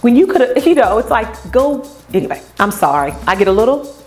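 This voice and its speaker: A woman who owns a beauty company tells customer stories in an animated way and acts out the voices of the people in them. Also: fairly high pitch, a little fast, soft background music. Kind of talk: storytelling vlog.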